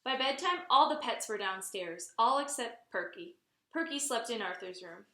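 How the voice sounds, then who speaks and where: Lady reading a kids book out loud, clear and expressive, echoey room. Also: a little high, normal speed. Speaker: reader. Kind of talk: reading a picture book aloud.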